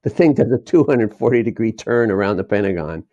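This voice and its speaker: A man's voice: lowish voice, expressive, a little fast, warm tone, no echo. A man being interviewed as a documentary filmmaker, talking in a rambling, digressive way and chuckling between thoughts. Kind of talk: casual interview talk. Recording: dull lo-fi dry sound.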